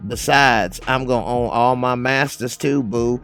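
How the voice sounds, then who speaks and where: A man's voice: medium pitch, a little slow, creaky, a bit bright, soft background music. A man acting out a cocky, boastful young woman singer. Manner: brash, boastful.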